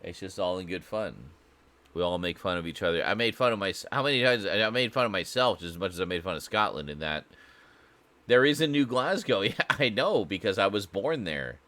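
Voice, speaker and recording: A man's voice: low voice, expressive, a little fast, pushed and bright, dry recording. A man from Canada chatting casually on a stream, joking and mocking himself. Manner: joking, self-mocking, talks to absent chat. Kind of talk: casual live-stream chat.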